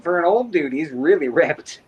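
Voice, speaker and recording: A man's voice: fairly high pitch, expressive, normal speed, breathy edge, lo-fi sound. A man chatting casually as a livestream co-host, laughing often and greeting viewers in the chat.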